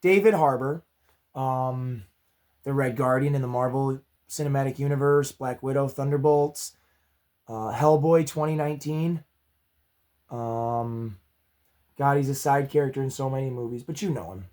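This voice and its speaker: A man hosting his own movie review channel, chatty and upbeat with self-deprecating asides, his voice going hoarse. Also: mid-range voice, normal speed, a little mellow. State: losing his voice. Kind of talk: casual spoken movie review.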